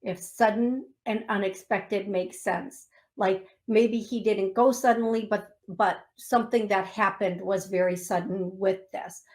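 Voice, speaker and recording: A woman hosting a call-in radio show as a psychic medium, speaking slowly and gently, sometimes getting emotional and reading listeners' messages aloud. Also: medium pitch, fairly even intonation. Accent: Upper Midwest American.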